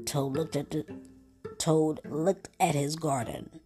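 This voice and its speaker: A woman's voice: deep voice, slow pace. A woman reading a children's storybook aloud and turning it into an informal sermon, in a folksy manner that calls the listener "baby". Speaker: storyteller and lay preacher. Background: guitar music.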